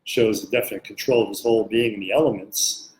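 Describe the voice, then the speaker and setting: A man's voice: on the low side, steady tone, fast, a little hiss or hum. Blunt joking man, roomy sound. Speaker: meditation teacher answering questions. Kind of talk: casual spoken Q&A teaching. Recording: roomy echo.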